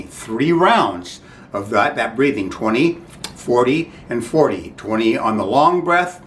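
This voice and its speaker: Halting man teaching breathwork, roomy and distant. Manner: halting, many restarts and "okay?" checks. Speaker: breathing instructor. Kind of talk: informal spoken instruction. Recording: roomy, distant mic, faint rumble.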